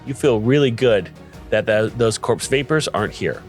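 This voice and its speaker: A man's voice: lowish voice, expressive, normal speed, a little mellow, soft background music. A man narrating a tabletop role-playing game as dungeon master, in a casual, laid-back way.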